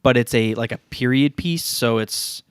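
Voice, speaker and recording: Podcast guy rambling about tv, mid pitch, starts over a lot, dry close mic. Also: normal speed, smooth, no echo. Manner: rambling, restarts often, animated. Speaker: podcast co-host. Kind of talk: casual chat.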